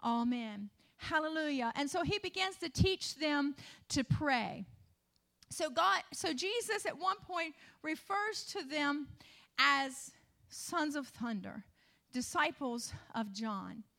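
A woman pastor preaches in a high voice. Her delivery is emphatic and rhythmic, and she punctuates it with exclamations of praise. She keeps turning to the congregation with rhetorical questions. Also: takes it slowly, creaky, sharp tone. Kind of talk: sermon.

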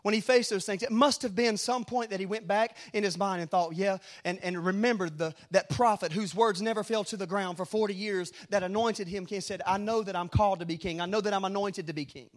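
A middle-aged man preaching a rambling sermon, moving from hushed storytelling to shouted exhortation. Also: high voice, fairly even intonation, fairly quick, hardly any pauses.

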